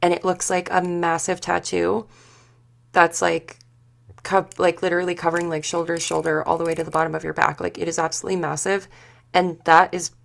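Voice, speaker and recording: A woman giving an intuitive spiritual reading to a group, speaking haltingly and searching for words with many fillers. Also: fairly low pitch, level tone, vocal fry. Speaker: spiritual session leader.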